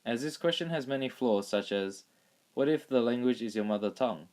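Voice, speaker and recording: A young man reading a prepared school presentation in a steady voice. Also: medium pitch, fairly quick. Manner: reads a prepared script steadily. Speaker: student presenter. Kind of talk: school project narration.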